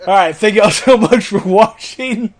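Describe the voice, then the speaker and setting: A man's voice: high voice, moderate pace. A man hosting a podcast in casual chat, playful and laughing often. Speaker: podcast host.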